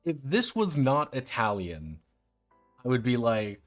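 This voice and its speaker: A man's voice: mid-range voice, big pitch swings, a little slow, faint music behind. A man casually reviewing tabletop roleplaying games on a stream, irreverent and sardonic, swearing freely and walking viewers through the rules. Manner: talks viewers through rule details. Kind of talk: casual livestream commentary.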